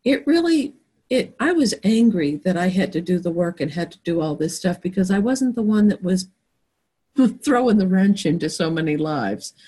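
Woman host, low mellow voice, earnest and reflective. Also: big pitch swings, normal speed, breathy edge, poor audio. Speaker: podcast host. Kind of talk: casual conversation.

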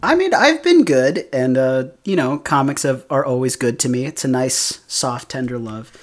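A woman's voice: a bass voice, animated, moderate pace. Enthusiastic woman guest on a podcast. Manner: enthusiastic storyteller, lots of fillers. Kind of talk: casual chat about comics.

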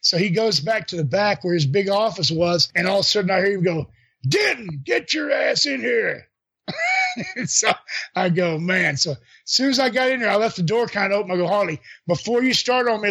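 High-voiced older man spinning wrestling yarns. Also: fairly quick. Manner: animated anecdotes with laughs and voiced quotes. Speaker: retired pro wrestler telling stories. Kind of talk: casual storytelling.

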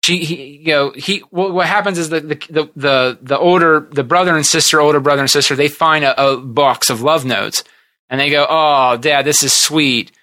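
Guy hosting a podcast, bright forceful voice, super dry sound, rambles through tv plots. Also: on the high side, a little fast, dry recording. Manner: rambling, animated retelling of TV scenes. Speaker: podcast host. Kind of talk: casual chat.

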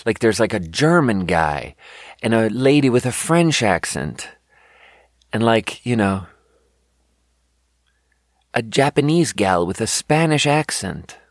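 A man's voice: fairly low pitch, sing-song, slow pace, pauses often, no room sound, clean studio sound. A young adult man ranting in a casual podcast chat, exasperated and profane, rambling with many fillers. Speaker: podcast host. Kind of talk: casual rant.

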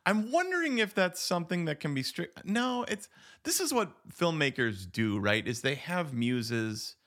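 Male podcast co-host, bright voice, casual rambling chat with many restarts. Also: on the high side, very animated, moderate pace. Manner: rambling, lots of "like" and restarts, laughs often. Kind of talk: casual chat about a film.

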